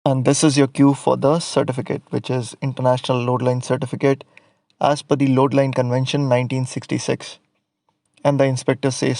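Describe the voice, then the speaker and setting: A man's voice: medium pitch, little pitch movement, brisk, creaky, darkish tone, no echo. A man teaching an exam prep lesson, explaining step by step and telling a story to help students memorize a list.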